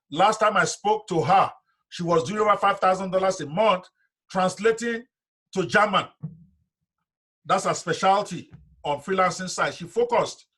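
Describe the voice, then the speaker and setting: A man's voice: high-pitched, bright, forceful tone. A middle-aged man, giving a live training lecture to his students in an emphatic, direct way. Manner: emphatic, talks straight to students. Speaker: online business instructor.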